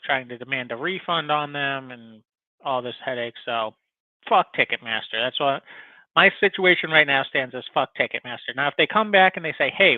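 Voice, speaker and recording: A man's voice: a little high, no room sound. A man hosting a casual podcast, telling a long story full of profanity and filler words. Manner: profane, rambling, animated storytelling. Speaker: podcast host. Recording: tinny phone-like sound.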